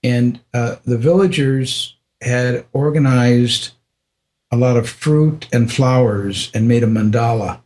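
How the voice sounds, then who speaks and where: An older man from the United States recounts a personal memory as a podcast guest. His pitch sits in the ordinary middle range for a man, and his telling is reflective and unhurried. He often stops and restarts his sentences and adds small laughs as he talks. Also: darkish tone. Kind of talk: personal storytelling in conversation.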